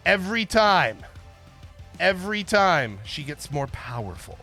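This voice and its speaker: Bright-voiced jokey male streamer. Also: sits high, very animated, measured pace, faint music behind. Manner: rambling, jokey, chatting with viewers. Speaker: stream host. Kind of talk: casual livestream chat.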